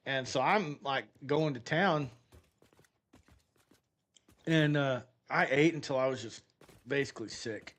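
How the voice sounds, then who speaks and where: Unhurried and prone to long pauses, an American man's medium-pitched voice sounds a bit bright. He's streaming a game, casually chatting through a meandering story with plenty of swearing.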